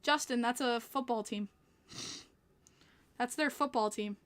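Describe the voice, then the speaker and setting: A woman's voice: fairly high pitch, unhurried. A woman with a Long Island New York accent, hosting a casual livestream podcast and chatting with viewers, laughing often. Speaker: podcast host reading live chat.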